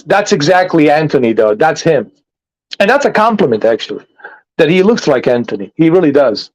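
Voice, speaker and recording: High-voiced man in joking podcast chat. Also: lo-fi sound. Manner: joking, laughing, boastful banter. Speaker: podcast host. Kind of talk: casual chat.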